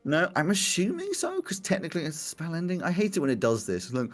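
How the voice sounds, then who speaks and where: A man running a tabletop game as game master, talking casually, laughing often and filling pauses with "uh" and "like". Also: a little high, wildly swooping pitch, soft background music. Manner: chatty, laughing, many fillers.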